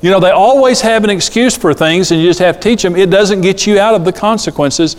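Preacher with hall reverb. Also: male voice, sits high, brisk. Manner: animated, acts out quoted voices. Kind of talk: sermon on parenting.

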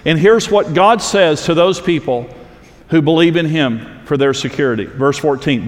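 A man's voice: on the high side, moderate pace, long reverb tail. A man preaching a sermon, earnest and repetitive for emphasis, reading scripture aloud to a congregation. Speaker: pastor.

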